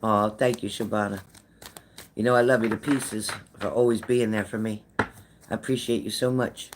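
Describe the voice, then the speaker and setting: A woman's voice: extremely low pitch, fairly even intonation, moderate pace, noisy background. An older woman, a psychic medium, chatting casually with viewers on a live stream, greeting them by name and repeating herself.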